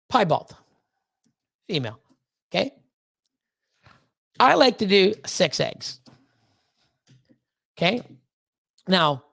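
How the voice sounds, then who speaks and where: His mid-range voice is gravelly yet fairly bright as this reptile breeder and channel host chats casually on a livestream. Blunt and heated, he swears often, restarts sentences, and repeats emphatic pleas to the chat.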